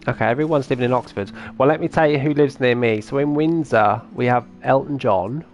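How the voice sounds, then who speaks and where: Gravelly man chatting on stream. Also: medium pitch, brisk, lo-fi sound, faint music behind. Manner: chatty, reads out and answers viewer comments. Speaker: game streamer. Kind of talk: casual live-stream chat.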